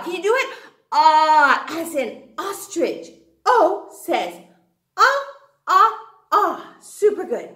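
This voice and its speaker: A high, lively woman's voice teaches phonics to small children at a very slow, sing-song pace. She cheers them on and gasps with delight at their answers. The room has a noticeable echo. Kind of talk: phonics lesson for young children.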